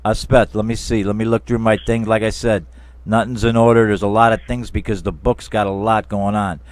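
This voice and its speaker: A man's voice: on the low side, level tone, a little fast. A man hosting a casual interview, talking emphatically and turning to the listeners as friends and folks. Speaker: interview show host.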